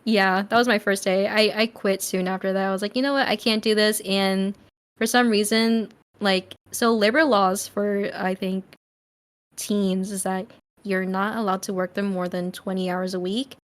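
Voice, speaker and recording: A young woman chatting as a podcast guest, telling a story in an animated way and acting out the lines of the people in it. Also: medium pitch, a little slow. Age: young adult. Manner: animated storyteller, acts out quoted dialogue. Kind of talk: casual chat.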